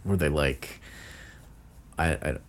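A man co-hosting a podcast in casual chat, halting and full of fillers, with dry jokes. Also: a bass voice, a little hiss or hum. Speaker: podcast co-host.

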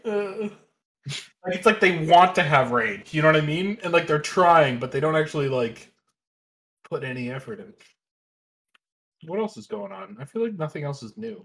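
A man with a slightly higher voice hosts a loose chat among friends. He jokes loudly, swears freely and breaks into laughter as he talks. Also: lively intonation, normal speed, vocal fry, pauses often, husky. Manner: loud, jokey, swears, bursts of laughter. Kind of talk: casual chat.

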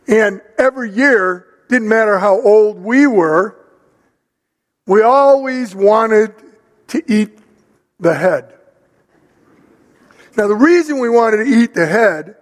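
An older man preaching a sermon, telling a family story in an animated, conversational way. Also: high-pitched, slow, pauses often, big-room sound. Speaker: pastor.

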